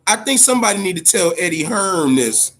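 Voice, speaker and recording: High-voiced man ranting about boxing. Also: a little fast. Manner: profane, animated, laughing asides. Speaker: boxing vlogger. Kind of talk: casual boxing commentary rant.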